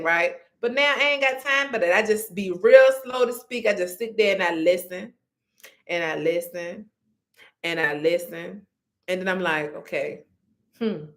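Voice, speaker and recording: A woman hosting a motivational faith podcast, talking in a lively, conversational way and calling listeners y'all and honey. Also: on the low side. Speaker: podcast host.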